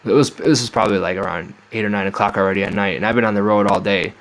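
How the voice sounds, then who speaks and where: Young male storyteller, low voice, casual and profane, mimics the people in his story. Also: steady tone, racing, poor audio. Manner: rambling, profane, acts out the voices of people he met. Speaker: vlogger telling a travel story.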